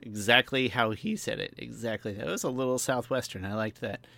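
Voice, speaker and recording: A man's voice: medium pitch, brisk, creaky, bright, forceful tone. A man hosting a casual podcast chat, rambling and joking with his co-host. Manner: rambling, joking, self-deprecating asides.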